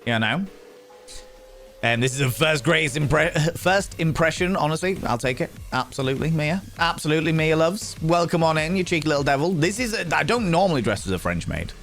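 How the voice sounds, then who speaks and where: A man's voice: fairly high pitch, lively intonation, brisk, fairly bright tone. Bubbly, swearing male streamer. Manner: bubbly, swearing, repeats catchphrases. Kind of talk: casual chat with viewers.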